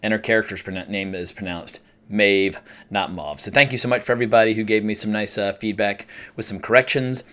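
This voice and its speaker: A man's voice: fairly low pitch, fairly even intonation, quick pace, hardly any pauses, a bit bright. A man casually reviewing a TV episode, chatty and self-deprecating, with frequent fillers and restarts. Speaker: TV review vlogger.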